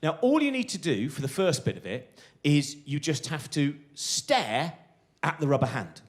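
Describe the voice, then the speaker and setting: Male stand-up comic, live on stage; excitable, self-interrupting storyteller with a lively, higher-pitched voice. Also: normal speed. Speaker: stand-up comedian. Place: theatre stage before a live audience.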